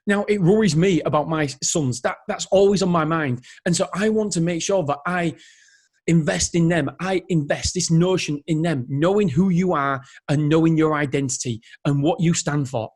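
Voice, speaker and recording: A man in his thirties delivers a motivational podcast monologue on his own. His voice sits a little high for a man, and he talks with energy. He rambles and keeps breaking off to correct himself. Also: moderate pace, husky. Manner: energetic, rambling, self-interrupting. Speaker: podcast host.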